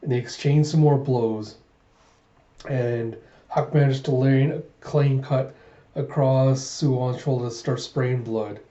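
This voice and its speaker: A young man casually retelling a manga's panels in a relaxed, play-by-play way. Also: mid-range voice, slow pace. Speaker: manga reader and narrator. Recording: echoey room, dull lo-fi sound.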